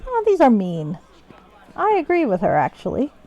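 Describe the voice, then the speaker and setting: Chatty woman streamer, lively voice. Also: a little high, normal speed, lo-fi sound. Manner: chatty, wry, thinking aloud. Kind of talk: casual let's-play commentary.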